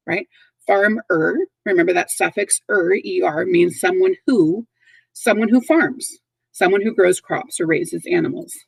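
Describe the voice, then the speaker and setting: Woman teacher doing a kids vocab video, gravelly and a bit husky, dry close sound. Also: medium pitch, dry recording, rough recording. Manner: patient, repeats words and checks in with okay. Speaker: third grade teacher. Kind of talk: recorded vocabulary lesson for kids.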